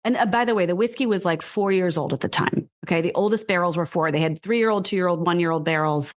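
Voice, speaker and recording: Speaking fast and barely pausing, a low-voiced American woman recounts her story in a casual interview. As the whisky brand founder being interviewed, she's lively, keeps laughing, and fills her speech with "like."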